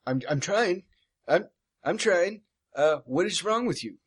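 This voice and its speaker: A man plays his character at a tabletop game, his voice slightly husky and lively in pitch. He rambles and jokes, drifting between in-character talk and casual chat. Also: measured pace. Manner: joking, rambling, laughs often.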